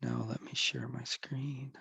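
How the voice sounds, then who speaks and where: A man's voice: mid-range voice, big pitch swings, measured pace, vocal fry, pushed and bright, slightly rough, no room sound. A middle-aged man, a professor, giving a casual, rambling recorded lecture and correcting himself as he goes.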